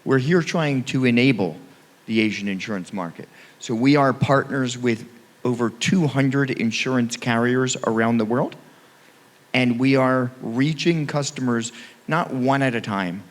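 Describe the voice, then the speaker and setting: A man's voice: medium pitch, measured pace. A man speaking on a conference panel, upbeat and conversational. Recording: reverberant conference hall.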